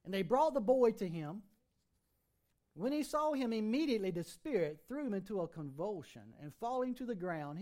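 A man's voice: sits high, a little mellow. A middle-aged man preaching a sermon as pastor, folksy and conversational, with plenty of rhetorical questions.

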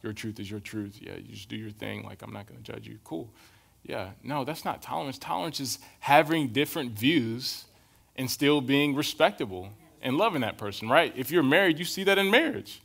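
A young adult man delivers a sermon in an easygoing, chatty way. He moves through personal stories and keeps checking in with his listeners. His voice sits at an average pitch for a man. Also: moderate pace, creaky, fairly bright tone. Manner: casual, storytelling, keeps checking in with "right?". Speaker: preacher. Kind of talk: conversational sermon.

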